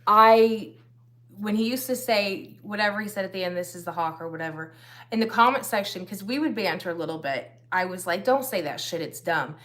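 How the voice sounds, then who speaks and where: A middle-aged woman chatting casually on a couple's live stream. She talks in a loose, rambling way, laughs easily and often leaves sentences unfinished. Her voice sits at an everyday pitch. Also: fairly quick, fairly bright tone. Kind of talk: casual chat.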